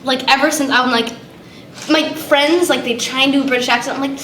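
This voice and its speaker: A young woman fumbles through her answers with lots of "like" and trailing thoughts. She speaks a touch high, her voice bouncing around an echoey convention room with steady background noise. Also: a little fast. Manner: rambling, hesitant, full of "like". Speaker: voice actress guest. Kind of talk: press conference answers.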